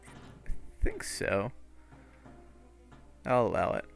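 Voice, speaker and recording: A man's voice: fairly low pitch, huge pitch swings, drawn-out words, gravelly, soft background music. A man narrating a tabletop game as game master, in a casual style full of fillers and swearing.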